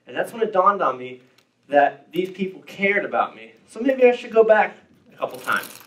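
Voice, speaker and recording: A young man in his teens shares his faith story in a casual, joking way. His voice is on the high side and echoes around a roomy hall, picked up from a distance. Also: very animated, moderate pace, a bit bright. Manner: casual, joking, self-deprecating. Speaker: student giving testimony. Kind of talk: personal testimony to a youth group. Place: church youth hall, indoors.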